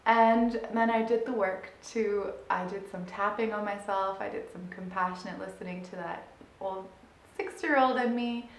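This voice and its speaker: A woman in her thirties telling a personal story as a money mindset coach, animated and laughing as she goes, climbing high and loud at the exciting moments. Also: moderate pace, slight background noise. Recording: roomy echo.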